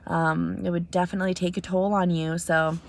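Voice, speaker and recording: Young Canadian woman, slightly low voice, earnest casual vlogger retelling a chat with plenty of ums. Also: level tone, brisk. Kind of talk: casual vlog storytelling. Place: outdoors in snow.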